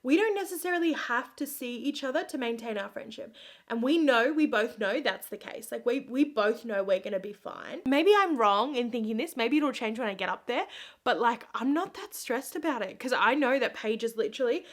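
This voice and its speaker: A woman's voice: a little high, expressive, brisk. A young woman chatting earnestly while doing her makeup at home, full of "like" fillers and restarts. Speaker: vlogger. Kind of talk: casual get-ready-with-me chat.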